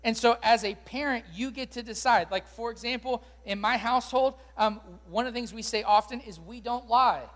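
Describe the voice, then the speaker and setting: High-voiced pastor in a reverberant hall. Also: male voice, fairly even intonation, brisk, few pauses, fairly bright tone. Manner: conversational and candid, with frequent ums and restarts. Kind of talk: sermon Q&A to a live congregation. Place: church auditorium. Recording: long reverb of a large hall.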